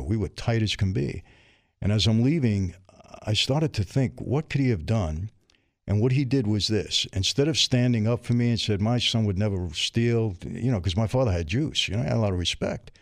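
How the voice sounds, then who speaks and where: A man's voice: on the low side, fairly quick, no room sound. A middle-aged man, a guest in a studio interview, telling his story candidly and acting out the dialogue. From New York. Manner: streetwise, vivid, acts out dialogue.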